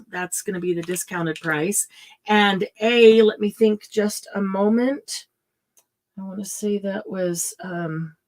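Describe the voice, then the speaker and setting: Chatty woman hosting a live craft sale. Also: mid-range voice. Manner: chatty, thinks aloud while pricing items. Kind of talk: casual live sale chat.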